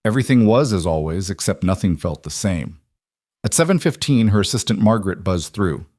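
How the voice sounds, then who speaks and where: A man narrating a scripted drama in a steady, measured way. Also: lowish voice, no room sound, clean studio sound.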